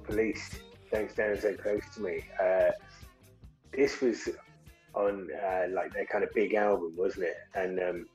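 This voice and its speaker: A man's voice: low-pitched, fairly even intonation, measured pace, a little mellow, poor audio. A man co-hosting a music podcast, joking and rambling in casual chat. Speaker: podcast co-host.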